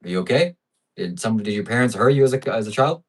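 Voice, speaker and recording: A man's voice: lowish voice, expressive, fast, far from the mic. A man hosting a livestream, reading viewer donations in blunt, brash, profane casual chat. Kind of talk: casual live-stream chat.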